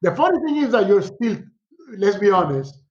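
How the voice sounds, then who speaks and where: A middle-aged man, a sociology professor, telling stories in a casual conversation, animated and laughing often. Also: high-pitched, moderate pace, muffled recording. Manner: animated storyteller, laughs often, acts out quotes.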